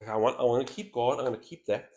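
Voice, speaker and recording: A man's voice: mid-range voice, steady tone, very fast, darkish tone. A man hosting a solo board game stream, thinking aloud as he weighs each move in casual commentary on a headset mic. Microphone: headset mic with a straw-like boom.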